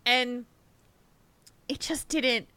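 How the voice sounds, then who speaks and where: A woman's voice: a little high, steady tone, drawn-out words, bright, forceful tone, clean tone, dry recording. A tired woman co-hosting a podcast, chatting casually, rambling and restarting her sentences with frequent laughs. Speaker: podcast co-host. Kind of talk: casual chat.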